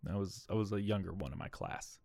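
Man around 30, podcast host, candid rambling storytelling, lowish voice, dry close sound. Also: expressive, fast, creaky, a little mellow, dry recording. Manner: candid, rambling, keeps adding "all right?" and "okay?". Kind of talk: personal storytelling monologue.

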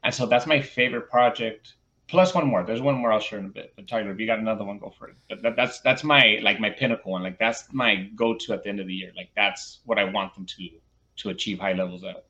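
Lo-fi teacher telling a lively story. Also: male voice, fairly low pitch, fast. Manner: acts out quoted dialogue, many restarts and fillers. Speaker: teacher, podcast guest. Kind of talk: animated classroom storytelling. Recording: lo-fi, muffled audio.

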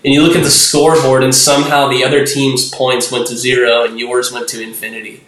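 His mid-range, slightly bright voice comes across flat and a little fast, with some hiss or hum in the audio and a noticeable room echo. A young podcast guest, he rambles casually through the interview, saying "like" constantly, restarting sentences, and doing voices.

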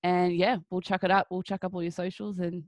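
A woman's voice: fairly low pitch, level tone, a little fast, a little mellow, no room sound. An Australian woman hosting a podcast interview, chatty and laughing often. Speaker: podcast host. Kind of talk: casual interview chat.

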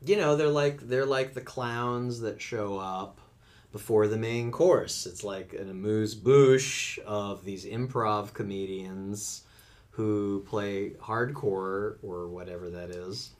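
A man's voice: lowish voice, slow. A man from the United States, a comedian chatting as a podcast guest, joking, rambling and swearing freely. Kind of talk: casual podcast chat.

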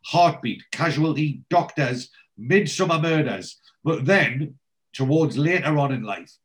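A man's voice: a little high, a little slow, fairly bright tone. A man hosting a podcast, recapping an episode in a chatty storytelling way. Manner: chatty, storytelling, acts out scenes. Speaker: podcast host.

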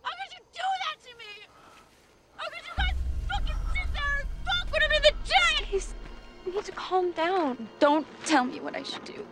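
A woman's voice: extremely high pitch, very animated, normal speed, over loud music. An actress playing a frantic, jealous young woman who screams accusations in a film scene. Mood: furious. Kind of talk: film dialogue.

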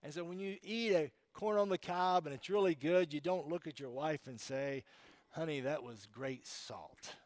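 A man preaching a sermon as pastor, emphatic, swinging from loud declarations to quiet asides. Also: a little high, normal speed, few pauses, dry recording.

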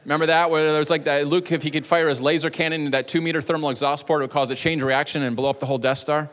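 A man's voice: on the high side, steady tone, a bit bright. Playful man preaching in a reverberant church. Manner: playful, jokey storytelling with quick asides. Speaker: pastor. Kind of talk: sermon. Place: church sanctuary.

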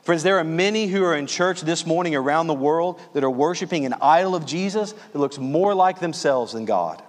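Earnest higher-voiced male pastor preaching. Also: animated, long reverb tail. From Louisiana, US. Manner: earnest, calls listeners "friends", slows on key phrases. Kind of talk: sermon.

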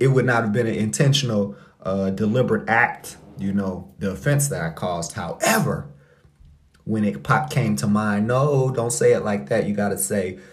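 A man hosting a podcast, talking in a loose, rambling monologue full of swearing. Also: on the low side. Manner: profane, loose and conversational. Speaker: podcast host. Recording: roomy echo.

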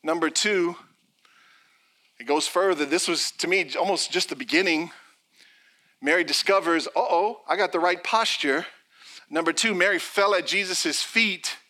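A man's voice: on the high side, a little slow, pauses often. A middle-aged man preaching a sermon as pastor, telling stories and acting out the people in them. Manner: animated storytelling preacher, acts out quotes.

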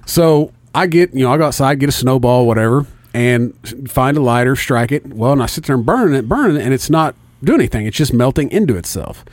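A man's voice: mid-range voice, brisk, few pauses, no room sound. A man telling a story in casual chat, swearing often and acting out both sides of the conversation. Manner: profane, animated storytelling.

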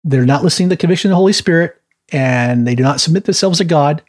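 A man's voice: fairly high pitch, quick pace. A man teaching a Bible class in a chatty, informal way, laughing at his own stories and adding many asides.

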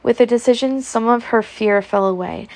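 A woman narrates a novel in a gravelly voice, reading at a steady pace with small stumbles and restarts. Her voice is close to the mic in a dry, deadened space. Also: fairly high pitch, moderate pace, dry recording. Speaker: audiobook reader.

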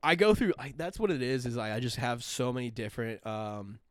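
Man, young, american, podcast host, casual rambling, swearing, clean clear voice, dead dry room. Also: medium pitch, a little fast, no room sound. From United States. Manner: rambling, swears a lot, laughs while talking. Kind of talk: casual chat.

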